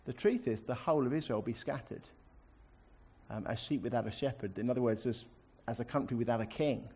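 A defiant prophet drips with mock courtesy, as a preacher puts him on, leaning hard on the irony. The stays clear, and the delivery is a sermon retelling. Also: male voice, medium pitch, a little fast, darkish tone. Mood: sarcastic. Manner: mock-polite, sarcastic. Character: sarcastic biblical male prophet, defiant.

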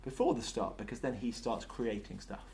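A man leading an interactive Bible study, lively and jokey, asking the group questions. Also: medium pitch, normal speed, gravelly, a little hiss or hum.

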